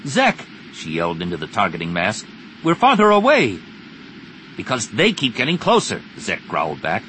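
A man narrating an audiobook with measured, dramatic storytelling. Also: low voice, noisy background. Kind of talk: scripted narration. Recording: narration over a music score. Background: music.

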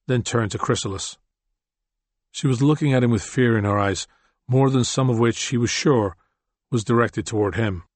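In this echo-free recording, a mid-range male voice narrates a novel for an audiobook. The scripted reading is steady and even, told in a measured storytelling manner.

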